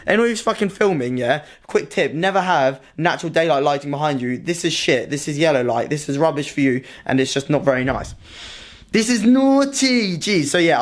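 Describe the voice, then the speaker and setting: A young British man vlogging casually to his own camera at home and in his car, excitable, slangy and full of swearing. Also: fairly high pitch. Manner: excitable, slangy and sweary, keeps saying "mate". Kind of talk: casual vlog chat to camera. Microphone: self-filmed camera.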